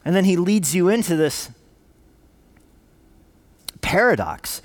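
Slow and sing-song, this high-pitched male pastor pauses often as he preaches a sermon in a church sanctuary. His manner is earnest and emphatic, built on punchy short phrases he keeps repeating, and the recording is dry and close.

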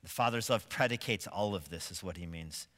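Emphatic pastor with a bright voice. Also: male voice, sits low, brisk, long reverb tail. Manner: emphatic, building to forceful stresses; asks rhetorical questions of the congregation. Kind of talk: sermon. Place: church sanctuary.

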